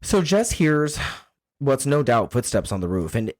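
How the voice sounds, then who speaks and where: A man co-hosting a podcast in casual chat, animated and profane, laughing often. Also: mid-range voice, measured pace, dry recording, clean studio sound. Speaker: podcast co-host.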